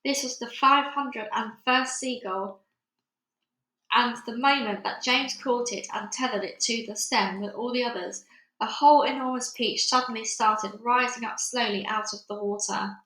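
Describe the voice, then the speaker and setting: A woman reading a children's book aloud with lively, expressive storytelling, in an echoey room. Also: on the high side, moderate pace.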